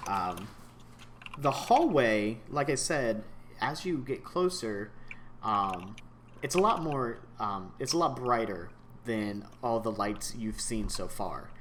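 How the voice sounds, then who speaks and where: A man narrating a tabletop game as game master, in a laid-back, halting way with lots of ums. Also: medium pitch, slight background noise.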